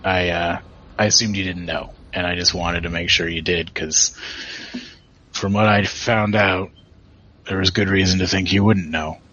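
A tough female orc, played by a man at a gaming table, who talks plainly and stumbles over apologies. The voice sits low with a bright, forceful edge. The audio is dull and lo-fi. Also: steady tone. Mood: earnest. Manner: plain-spoken, halting, apologetic.

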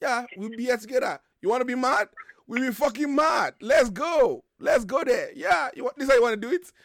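A man's voice: very high-pitched, expressive, fairly quick, dry recording, studio quality. A man, co-hosting a casual group chat and telling boastful, joking stories with some swearing.

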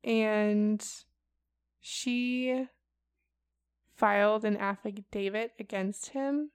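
A young woman chatting casually through a report, her voice smooth yet carrying a gravelly fry. The sound is dry and close. She fills her talk with easy "like"s and "um"s. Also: medium pitch, dry recording. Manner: chatty and casual, heavy with fillers like "like" and "um". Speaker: podcast co-host presenting a report. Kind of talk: casual chat.

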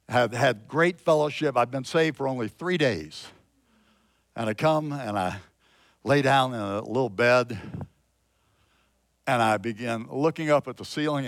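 A man preaching a sermon, slow and emphatic, swinging from loud exclamations to hushed storytelling. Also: mid-range voice, no echo, studio quality. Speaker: pastor.

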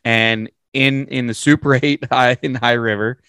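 A man telling a long, profane story in a casual, animated way. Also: mid-range voice, measured pace, clean tone, no echo.

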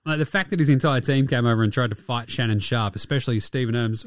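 A man's voice: medium pitch, fast, hardly any pauses, dry recording, clean studio sound. A young Australian man giving a casual, profane and mocking recap of basketball games. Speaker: basketball commentator.

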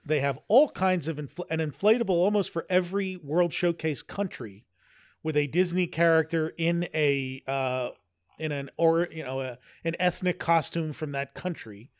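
A man's voice: on the high side, moderate pace, dry recording. A man co-hosting a podcast in casual chat, rambling with frequent restarts. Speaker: podcast co-host.

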